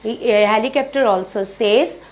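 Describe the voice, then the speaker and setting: A woman teaching children a phonics lesson, asking questions and answering them herself, with much repetition. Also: fairly high pitch. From Pakistan. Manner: slow, repetitive, asks and answers own questions.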